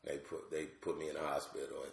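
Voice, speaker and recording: A man from Georgia telling a comic story in casual chat, animated and acting out other people's voices. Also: fairly quick, creaky, reverberant. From Georgia, USA. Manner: animated, acts out voices with big pitch jumps. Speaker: comedian guest.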